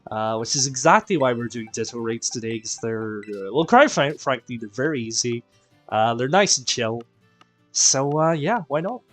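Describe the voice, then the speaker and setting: Man, mixed Northern Irish accent, chatty live game streamer, a bit tired, mid-pitched, faint music underneath. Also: animated, normal speed, a bit bright. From Northern Ireland. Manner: chatty, greets viewers by name, self-deprecating. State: tired and quieter than usual. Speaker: live-stream raid host. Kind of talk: casual live-stream chat.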